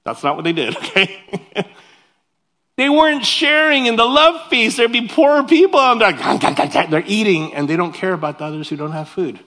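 A man with a fairly high voice delivering a sermon, lively and conversational. He reads passages aloud and then turns to his listeners with direct questions and personal asides. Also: moderate pace. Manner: animated, conversational preaching with asides to the congregation. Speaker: pastor.

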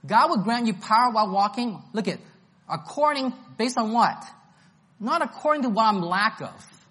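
A man's voice: sits high, big pitch swings, unhurried, a bit bright. A man preaching an expository Bible-study sermon, emphatic and enthusiastic, repeating his key phrases.

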